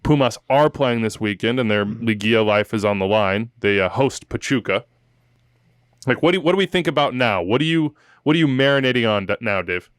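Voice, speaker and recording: Clear-voiced animated male podcast host. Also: medium pitch, fairly quick, no room sound, clean studio sound. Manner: animated, emotional storytelling with joking asides. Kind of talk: soccer podcast chat.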